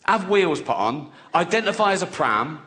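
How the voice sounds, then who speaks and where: English male comic, slightly high voice, sardonic, breaks into laughter, noisy live recording. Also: sing-song, normal speed. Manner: sardonic, acts out characters, laughs at his own jokes. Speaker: stand-up comedian. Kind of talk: stand-up routine.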